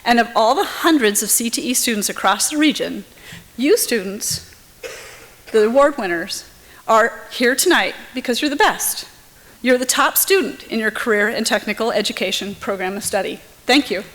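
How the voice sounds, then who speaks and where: A woman presenting at an awards event, introducing the keynote speaker with steady prepared remarks. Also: a little high, moderate pace. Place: large hall. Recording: long reverb of a big hall.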